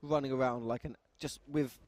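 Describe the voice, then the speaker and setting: Guy on live match commentary, mid-pitched voice, joking and teasing his co-host. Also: steady tone, moderate pace, a little mellow, no room sound. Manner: teasing, dry-humored, banter. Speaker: sports commentator and player.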